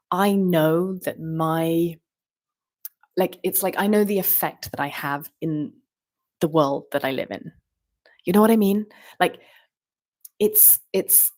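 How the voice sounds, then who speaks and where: A woman's voice: lowish voice, a little mellow. A woman vlogger rambling in a stream-of-consciousness monologue, meandering with fillers and rhetorical questions.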